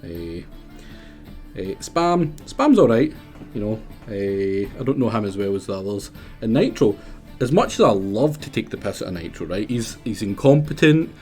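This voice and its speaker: A man's voice: lowish voice, big pitch swings, normal speed, a little mellow, soft background music. A young Scottish man with a Scottish accent, chatting in a joking, mocking, sweary way while streaming a game. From Scotland. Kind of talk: casual gaming stream chat.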